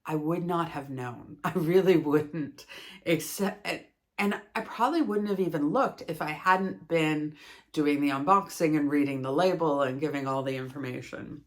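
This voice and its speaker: A woman's voice: low-pitched, moderate pace. A woman reviewing yarn in a casual vlog, chatty and thinking aloud as she talks.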